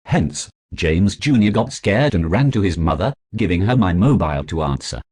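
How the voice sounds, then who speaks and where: A man's voice: low-pitched, animated, moderate pace, a little mellow, slightly rough. A man narrating his own story in a formal, stiff storybook manner. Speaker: author narrator.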